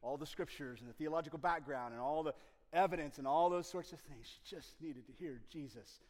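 A man preaching a sermon as pastor, swinging from loud, passionate rises to hushed near-whispers. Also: a little high, a little fast. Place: church sanctuary. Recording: long reverb of a large room.

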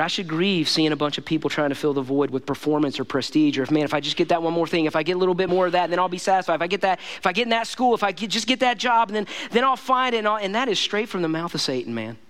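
A male pastor delivers a sermon in a casual, emphatic way, with lots of fillers and repeats. His voice sits high for a man. He talks quickly.

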